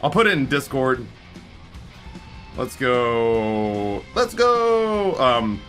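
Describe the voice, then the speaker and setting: A man's voice: mid-range voice, very slow, fairly bright tone, soft background music. A man in his forties chatting live with his stream viewers, rambling, swearing and greeting people in chat by name. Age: 40s.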